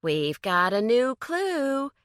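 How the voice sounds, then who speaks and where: A bright, teasing woman who runs her friends' dinner table and loves showing off her cooking. Her voice lifts high and playful as a woman reads her part. The sound is dry and close. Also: unhurried, dry recording. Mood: cheerful. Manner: lively, sing-song and coaxing. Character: bubbly confident woman cook, teasing hostess.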